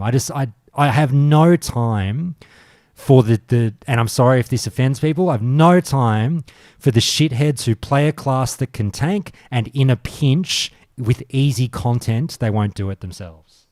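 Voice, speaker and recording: A man hosting a casual podcast chat, telling stories as an animated rant full of swearing. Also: medium pitch, moderate pace, no echo, studio quality. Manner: swearing, animated ranting storyteller. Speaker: podcast host.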